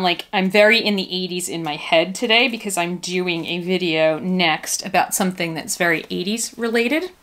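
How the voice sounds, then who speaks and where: A woman's voice: medium pitch, a bit bright. A woman chatting casually while unboxing and dressing dolls, gushing and goofy, with gasps and playful asides. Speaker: doll collector vlogger.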